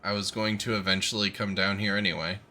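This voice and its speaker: A man's voice: fairly low pitch, flat delivery, fast talker, pushed and bright. A young man chatting easily as he plays a video game. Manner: easygoing, amused. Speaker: player streaming a game. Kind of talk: casual chat over gameplay.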